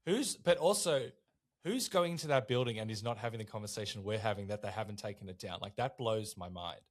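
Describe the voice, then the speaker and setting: Podcast host guy, lowish voice, easygoing and encouraging. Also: fairly quick. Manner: relaxed, encouraging. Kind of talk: casual interview questions.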